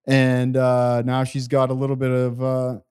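A man's voice: mid-range voice, monotone, unhurried, darkish tone, smooth. A man hosting a casual podcast chat in a laid-back, rambling way. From Canada. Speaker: podcast host. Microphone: remote call.

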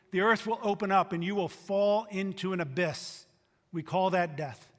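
A man preaching a sermon as a pastor, emphatic, swinging between loud and hushed. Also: high voice. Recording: long reverb of a large hall.

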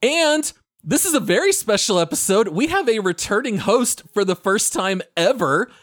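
Male podcast host, upbeat and joking; lively, slightly high voice, dry sound. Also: moderate pace, no room sound. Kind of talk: casual podcast chat.

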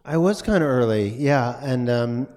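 A man from New York City, a stage actor appearing as a guest on a live podcast, speaking in a halting, self-deprecating way and often trailing off. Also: mid-range voice, lively intonation, darkish tone.

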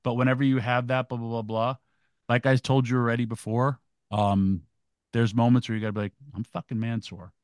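A man's voice: mid-range voice, flat delivery, a little fast, clear, resonant tone, no echo. A middle-aged man co-hosting an interview, telling an earnest story with intense, profane punchlines. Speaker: co-host. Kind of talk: casual interview chat.

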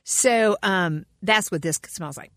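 A woman's voice: medium pitch, takes it slowly, no echo, studio quality. A woman co-hosting a casual wine-tasting podcast, reactive and affirming, often explaining things to the listeners. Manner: warm, reactive, lots of small affirmations. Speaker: podcast co-host.

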